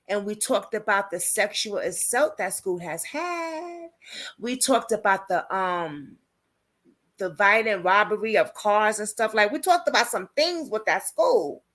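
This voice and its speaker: A woman's voice: medium pitch, a bit bright. A woman hosting a casual live stream, talking in an informal, slangy way and reading and answering viewer comments as she goes. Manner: talkative, reads and answers viewer comments aloud. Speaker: livestream host covering a criminal case.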